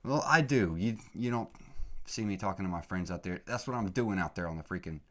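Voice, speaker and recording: A young man hosts his own podcast alone, in loose casual talk that sounds recorded at home. His voice sits on the low side but swings a long way. It sinks to quiet grumbling, then jumps up into loud, excited yelling. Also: a little fast. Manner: animated, swings from low mutters to shouting; casual, swears lightly, says "dude" and "man". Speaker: podcast host. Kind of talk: solo podcast rant.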